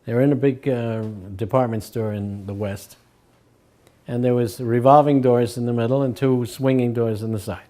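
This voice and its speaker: Older man telling stories, mellow voice. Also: medium pitch, fairly even intonation, moderate pace. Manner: acts out quoted voices, chuckles between stories. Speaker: devotee recalling memories. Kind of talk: anecdotal storytelling.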